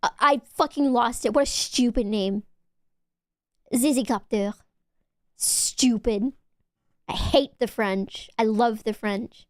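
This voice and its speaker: A young woman streamer rambles and teases her chat, often giggling. Her voice sits a little high. The sound is close and dry. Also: unhurried, hardly any pauses, dry recording. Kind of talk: casual chat with viewers.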